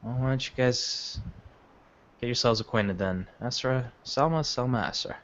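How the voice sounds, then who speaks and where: A man's voice: mid-range voice, normal speed, a bit bright. A man running a tabletop role-play game, talking loosely with many fillers. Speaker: game master. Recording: dull lo-fi voice chat with faint noise.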